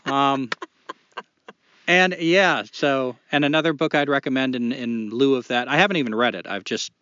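A man's voice: medium pitch, normal speed, pushed and bright, clean tone, dry recording, lo-fi sound. A man co-hosting a podcast in casual chat, blunt and opinionated, swearing freely. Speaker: podcast co-host.

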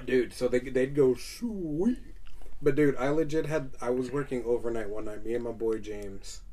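A man hosting a podcast, telling profane, animated stories in casual chat on a studio mic. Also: mid-range voice, a little fast, recorded from a distance. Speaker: podcast host. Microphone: studio microphone with headphones.

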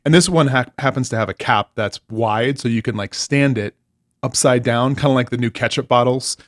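Speaking at normal speed in a mid-range voice, a man co-hosting a podcast recounts a story in casual conversation, full of swearing and exasperation. The studio sound is clean, with no room echo.

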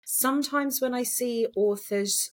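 A woman's voice: on the high side, unhurried. A woman with a posh British accent and a cold, chatting thoughtfully and self-deprecatingly as a podcast guest. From United Kingdom. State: has a cold. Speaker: guest author. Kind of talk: casual podcast chat.

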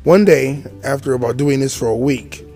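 A man's voice: mid-range voice, moderate pace, warm tone, soft background music. A man in his forties telling his own story as a podcast host, chatty and full of asides to the listener. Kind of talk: storytelling monologue.

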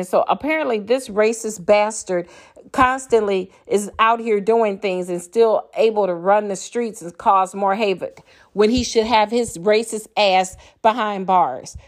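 A woman with grown kids and grandkids, ranting into her podcast mic in a blunt, angry, profane monologue. Her voice sits at an ordinary middle pitch for a woman, and she keeps hammering her points home. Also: a little slow. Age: older. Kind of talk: impassioned monologue.

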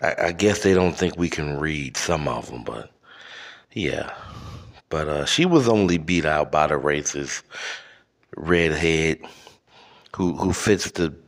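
A man hosting a podcast, delivering a rambling, profane comedic rant with halting restarts. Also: a bass voice, creaky. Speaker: podcast host.

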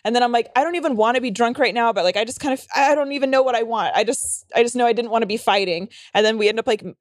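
Young woman, comedian, rapid casual storytelling, profane and rambling, dramatic quoted voices, dry close sound. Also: a little high, dry recording. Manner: rambling, frequent "like" fillers, heavy swearing. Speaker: comedian and podcast host.

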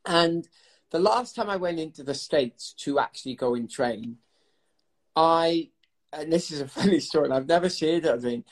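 Middle-aged uk guy, retired athlete, chatty storyteller, slightly high voice. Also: moderate pace. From United Kingdom. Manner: animated, chatty, laughs while telling stories. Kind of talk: casual storytelling interview.

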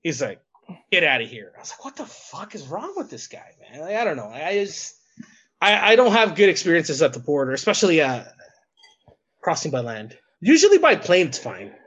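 Husky animated man telling a story. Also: fairly high pitch, brisk, highs cut off. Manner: rambling storyteller with many restarts and swearing. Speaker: podcast co-host, wrestling coach. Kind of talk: casual chat, telling an anecdote.

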